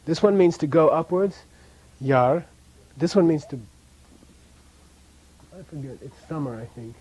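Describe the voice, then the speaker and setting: A man leads a classroom lesson, drilling pronunciation and explaining rules in a patient, repetitive way. His voice sits a little high for a man, and he lets out light chuckles as he teaches. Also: animated, normal speed, warm tone, muffled recording. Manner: patient, repeats sounds for students to echo. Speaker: language teacher.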